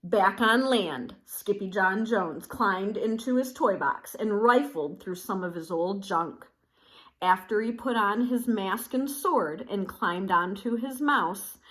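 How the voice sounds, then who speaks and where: Teacher lady reading a kids' picture book, slow and gentle. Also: medium pitch. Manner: slow, gentle, addressing young listeners. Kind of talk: storybook read-aloud.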